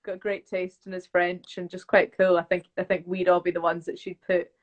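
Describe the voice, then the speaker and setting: A young woman, chatting casually as a guest on a live video call and telling animated stories with bits of impressions. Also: lowish voice, moderate pace, muffled recording. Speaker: actress guest. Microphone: phone on a video call.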